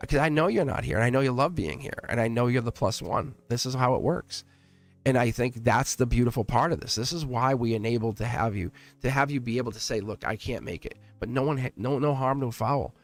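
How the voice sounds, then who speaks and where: A middle-aged man hosting a live tarot reading stream, talking warmly and at length to his viewers, rambling with frequent restarts and laughs. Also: medium pitch, brisk. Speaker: live tarot reader and channel host.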